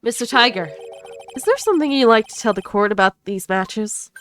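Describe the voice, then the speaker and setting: A woman's voice: a little high, lively intonation, brisk, a bit bright, soft background music. A woman voicing an earnest young male defense lawyer, asking firm, pressing questions. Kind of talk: voicing game text in a playthrough.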